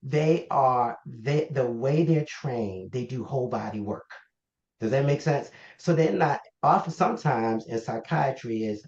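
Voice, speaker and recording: Animated storytelling man, roomy sound. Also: mid-range voice, normal speed, muffled recording. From Baltimore, US. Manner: animated storyteller, acts out quoted exchanges. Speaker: guest, health organization founder. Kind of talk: conversational interview.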